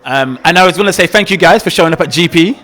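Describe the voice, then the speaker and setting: A man's voice: high voice, fast talker, a bit bright. A man wrapping up an interview, agreeing eagerly and thanking his guests. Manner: enthusiastic, agreeable. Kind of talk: interview wrap-up chat.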